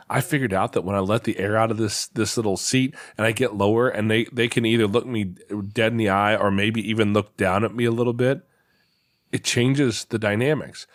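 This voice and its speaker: A man's voice: on the low side, no echo, clean studio sound. A man hosting an interview from his office, talking in a reflective, storytelling way and repeating words as he thinks. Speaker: podcast host. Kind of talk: conversational interview. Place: home office.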